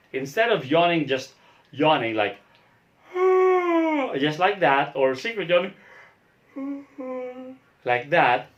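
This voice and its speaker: A man's voice: medium pitch, fairly bright tone. A man who is a pastor, teaching a singing lesson and patiently explaining each step while demonstrating sounds.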